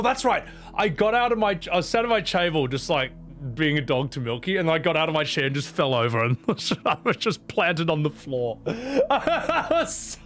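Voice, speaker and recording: A man in a casual vlog, telling a trip story in an animated way, swearing freely. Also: fairly high pitch. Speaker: vlogger.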